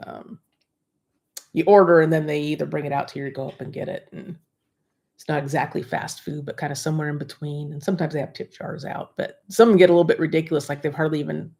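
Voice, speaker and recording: A woman's voice: low voice, steady tone, fast, gravelly, mellow. An American woman co-hosting a live stream, chatting casually and laughing often while reading viewer comments. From United States. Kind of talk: casual chat.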